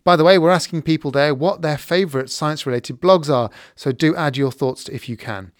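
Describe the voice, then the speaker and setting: Male podcast host, brisk announcer reads, slightly high, dry close mic. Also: no echo. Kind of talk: scripted podcast outro and banter.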